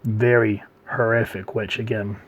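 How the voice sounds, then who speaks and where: A man's voice: lowish voice, little pitch movement, measured pace, a little hiss or hum. A man talks through a comic book in a loose, casual way. He rambles, adding fillers and restarting his sentences as he goes.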